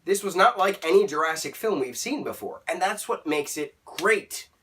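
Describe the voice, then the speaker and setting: A man's voice: high-pitched, animated, normal speed, a bit bright, far from the mic, a little hiss or hum. A young man telling an exasperated story as a movie reviewer in a ranting vlog.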